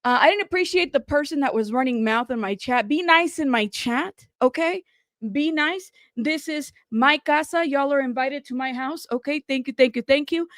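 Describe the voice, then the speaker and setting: A woman's voice: sits high, normal speed, a bit bright, no room sound, studio quality. A woman hosting a casual live stream from home, chatty and apologetic, constantly thanking her viewers and calling them "y'all.".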